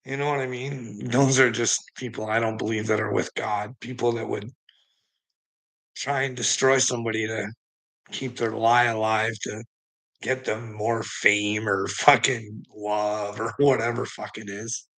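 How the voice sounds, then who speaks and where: A man's voice: lowish voice, little pitch movement, measured pace, fairly bright tone, poor audio. A man ranting bluntly and indignantly in a casual monologue, swearing heavily as he talks to his viewers. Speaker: vlogger.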